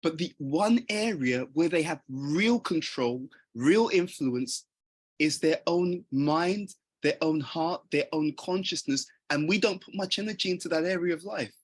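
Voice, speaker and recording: A man with a husky, slightly higher voice gives a motivational talk. He speaks earnestly and conversationally. He keeps turning to his listeners with questions. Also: unhurried.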